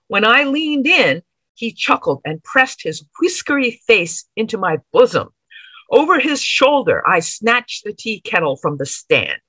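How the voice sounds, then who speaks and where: A woman reads her own story aloud with measured, expressive pacing. Her bright voice rises and falls widely and has a slightly breathy texture. The recording is dry and close. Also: mid-range voice, no echo, rough recording. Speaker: author reading her story. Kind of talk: dramatic reading of period fiction.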